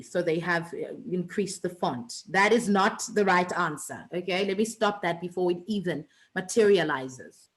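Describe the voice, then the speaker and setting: A woman's voice: on the low side, rough recording. A woman teaching an online revision lesson, chatty and teasing, with many fillers and restarts.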